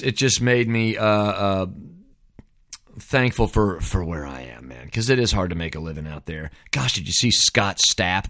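Middle-aged man, podcast host, low voice, dry close sound, wry rambling chat. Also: fairly bright tone, no echo. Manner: rambling, wry, says "man" and "dude" a lot. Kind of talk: casual solo monologue.

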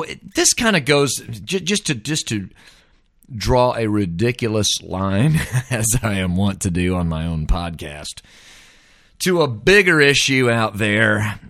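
A man's voice: on the low side, a bit bright, no room sound, clean studio sound. A man hosting a podcast, rambling in a folksy, casual way, often tossing in "man". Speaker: podcast host. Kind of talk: casual monologue.

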